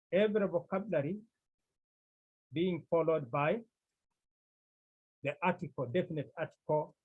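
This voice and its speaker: A man teaching a Greek class, explaining slowly and repeating key phrases for his students. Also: a little high, husky, narrow, tinny audio. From Cameroon. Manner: slow, repetitive explaining. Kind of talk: classroom lecture.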